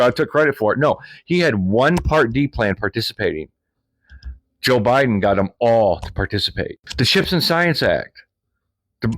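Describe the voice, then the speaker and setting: A man's voice: mid-range voice, no echo. A man ranting in a heated political response video, combative and profane, speaking straight at the person he is answering. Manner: combative, profane, addresses viewer directly. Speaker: political vlogger.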